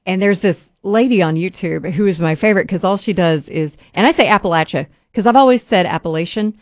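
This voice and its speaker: A woman's voice: mid-range voice, a little fast, no echo. Chatty woman radio host, dry studio sound. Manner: chatty, storytelling with comic lists. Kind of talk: casual on-air banter.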